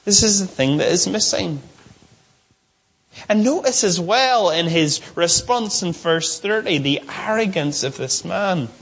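A man's voice: sits high, animated, a little slow, a bit bright, breathy edge. A man preaching an expository sermon, earnest and emphatic, asking his listeners questions.

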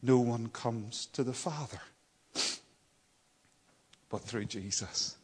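Husky preacher swinging from whispers to cries. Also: male voice, mid-range voice, slow. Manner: dramatic swings from hushed whispers to loud cries. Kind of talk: sermon.

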